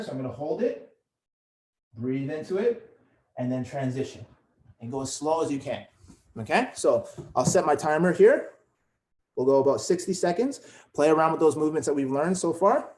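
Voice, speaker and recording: A man's voice: fairly high pitch, normal speed. A man leading an online movement class, explaining at an easy pace with lots of fillers and tag questions. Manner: relaxed, explanatory, many fillers and "right?". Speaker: movement instructor. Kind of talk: teaching an online fitness class. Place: indoor studio. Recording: echoey room.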